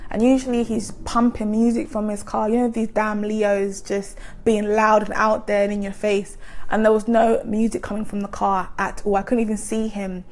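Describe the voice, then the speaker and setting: A woman with a gentle voice, telling a personal story in a chatty vlog style full of likes and ums. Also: mid-range voice, little pitch movement, moderate pace. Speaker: vlogger. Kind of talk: casual storytime monologue.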